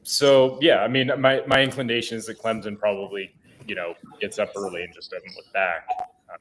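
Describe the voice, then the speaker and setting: Lower-voiced man chatting loosely about betting lines. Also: level tone, normal speed, fairly bright tone, slight background noise, low-quality recording. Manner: loose, filler-heavy, repeats words. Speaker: sports betting podcast panelist. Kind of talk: casual sports analysis chat.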